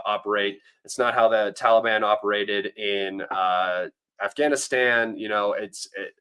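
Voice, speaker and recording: A young American man talks through a casual livestream in a fairly low voice. He rambles, stops and restarts his sentences, and fills the gaps with ums and uhs. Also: a bit bright, clear, resonant tone. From United States. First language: English. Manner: rambling, many fillers and restarts. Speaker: livestream host.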